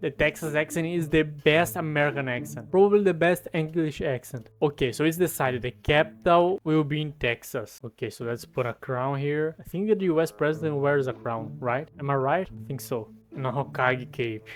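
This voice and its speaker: A Brazilian man with Portuguese as his first language, giving mock-pompous, crude comedic commentary in a deadpan boasting manner. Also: on the high side, moderate pace, hardly any pauses. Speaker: comedy video creator. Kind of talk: comedic commentary while editing a map.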